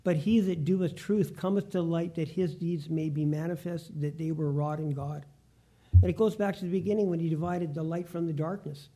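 A man preaching a Bible lesson, reading scripture aloud slowly and deliberately. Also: on the high side, fairly even intonation, warm tone. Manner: reads verses slowly and deliberately, with restarts.

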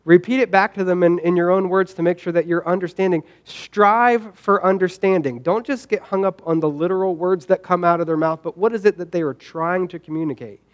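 Brief: male pastor, high-pitched voice, chatty sermon delivery with quick asides. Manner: conversational, frequent "right?" asides, acts out quoted lines.

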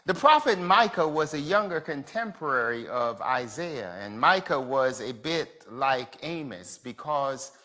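Bright-voiced pastor preaching slowly. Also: male voice, on the high side. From Jamaica. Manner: measured preaching with rhetorical questions. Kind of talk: sermon lecture.

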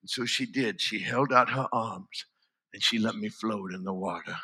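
A man performing a dramatic spoken-word monologue, emotional and swinging from loud to hushed. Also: on the low side, normal speed, slightly rough.

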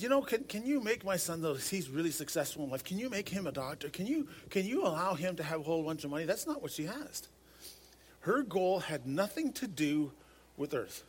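A man's voice: on the high side, a little hiss or hum. Earnest man preaching a sermon. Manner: earnest, repeats words when restarting. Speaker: pastor.

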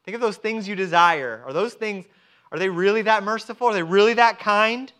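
Bright, high-voiced man preaching a sermon. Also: a little fast. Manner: animated, acts out quoted voices of God and people. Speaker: pastor. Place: church service.

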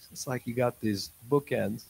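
Animated male preacher telling a story. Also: medium pitch, measured pace, creaky, husky, poor audio. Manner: animated, swings from quiet to loud bursts; tells stories in quoted dialogue. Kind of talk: sermon with storytelling.

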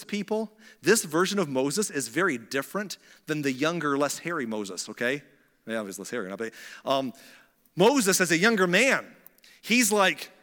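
A man's voice: fairly bright tone, long reverb tail. A man preaching a sermon, telling the story in a casual conversational way and acting out the dialogue. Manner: conversational storytelling, acts out dialogue with shifting pitch. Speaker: pastor.

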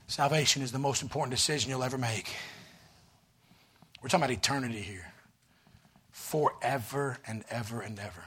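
Man, guest preacher, sermon in a church, husky voice, fiery and pleading. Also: mid-range voice, a little fast, long pauses. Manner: shouting, fiery preaching, soft altar-call invitation. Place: church sanctuary.

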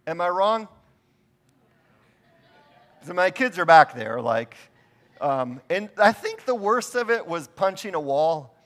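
A man's voice: high-pitched, animated, slow, long pauses, fairly bright tone. A middle-aged man preaching a sermon, telling stories in a casual, conversational and self-deprecating way. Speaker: pastor.

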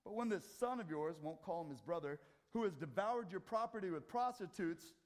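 A middle-aged man preaching a sermon in a church, swinging from loud scripture readings to quiet asides. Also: high-pitched, lively intonation, fairly quick. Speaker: pastor. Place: church sanctuary.

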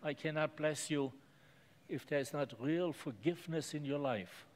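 A preacher voicing a gentle, assured teacher. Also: male voice, on the high side, measured pace, close to an everyday voice.

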